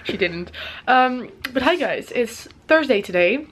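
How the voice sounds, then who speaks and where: A woman's voice: a little high, expressive, a little slow, a little hiss or hum. A young woman talking casually to her camera as a vlogger, chatty and self-deprecating with frequent giggles. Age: young adult. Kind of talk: casual vlog chat.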